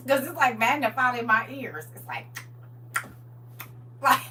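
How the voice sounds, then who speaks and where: Bright-voiced, emphatic middle-aged woman. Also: on the high side, animated, slow pace, long pauses. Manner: emphatic, chatty, laughs often. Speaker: livestream host. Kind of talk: casual livestream chat. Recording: distant mic with faint hum.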